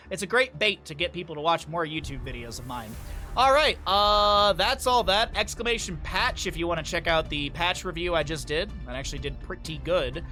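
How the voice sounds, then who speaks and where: Upbeat male esports caster, higher pitch, bright edge, chatty stream commentary. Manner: chatty and upbeat, cowboy-style greetings. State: out of breath.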